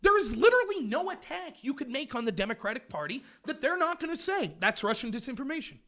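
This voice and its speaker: A man's voice: very high voice, very animated, fast talker, a bit bright. A man hosting a political livestream, ranting sarcastically while answering his chat. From United States. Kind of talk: livestream commentary reading chat.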